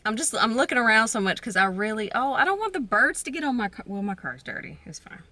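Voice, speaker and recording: A woman's voice: on the high side, very animated, fast, pushed and bright, dry recording. A young woman chatting casually to her phone camera from a parked car, slangy and self-mocking. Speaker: vlogger. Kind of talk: casual vlog chat. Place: parked car in a parking garage.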